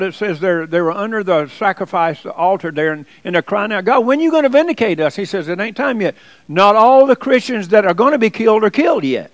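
A man's voice: a little high, dry recording. A man preaching a sermon, folksy and emphatic by turns.

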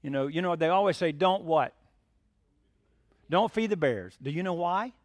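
A man's voice: on the high side, moderate pace, dry recording, clean studio sound. A man preaching a sermon, telling folksy stories and asking the congregation questions. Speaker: pastor.

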